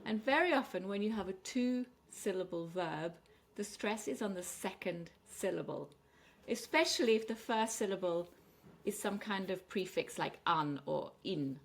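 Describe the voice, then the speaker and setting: Woman, English pronunciation teacher, clear and deliberate delivery. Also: medium pitch, lively intonation. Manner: clear, deliberate, stressing words slowly. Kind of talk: pronunciation lesson.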